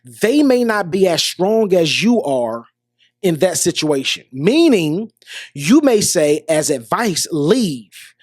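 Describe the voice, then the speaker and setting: A man's voice: high voice, very animated, slow, no room sound, studio quality. A middle-aged man hosting a podcast, giving earnest motivational advice straight to listeners, often restarting his sentences. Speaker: podcast host. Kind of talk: motivational monologue.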